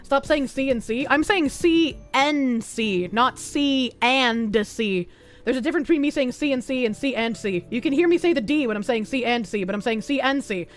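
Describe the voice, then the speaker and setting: A Boston woman with a matching accent streams with a high voice and faint music behind her. She chats casually with viewers, reading their comments in a loose, profane way and laughing easily.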